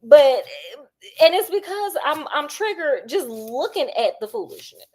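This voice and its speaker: A woman's voice: sits high, big pitch swings, unhurried, darkish tone. A woman, chatting while she cooks and gossiping about reality TV in a sassy, dramatic way. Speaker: cooking vlogger. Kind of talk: casual chat while cooking.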